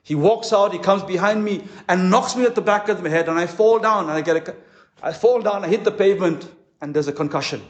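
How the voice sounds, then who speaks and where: Man, pastor, impassioned sermon, dramatic pauses, high voice, echoey conference hall.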